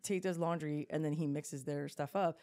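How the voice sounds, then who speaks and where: A woman's voice: low voice, moderate pace. A middle-aged woman hosting a podcast, telling stories in a casual chat and acting out voices in her quotes. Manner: animated, acts out voices in quotes. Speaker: podcast host.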